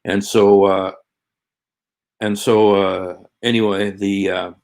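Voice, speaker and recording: A man hosting a casual livestream, talking in a halting, rambling way with many fillers and restarts. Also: fairly low pitch, flat delivery, creaky, darkish tone. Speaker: livestream host.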